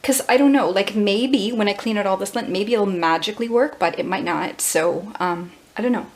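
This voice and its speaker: A woman's voice: mid-range voice, normal speed. A woman home vlogger talking casually in a flustered, rambling way, her voice shaken and trembling. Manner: rambling, flustered, many fillers and restarts. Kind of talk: casual rambling vlog talk.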